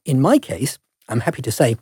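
A man's voice: mid-range voice, very animated, a little fast, a little mellow, husky, no echo, clean studio sound. An older man, a guest telling stories in a chatty, self-deprecating way in an interview. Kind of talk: relaxed storytelling in an interview.

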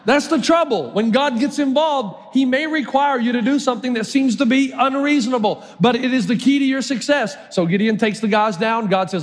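A male pastor with a notably high voice preaches, driving his points home through storytelling and emphatic repetition. His voice rings out with a long reverb, as in a large hall. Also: fairly quick, hardly any pauses. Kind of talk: sermon.

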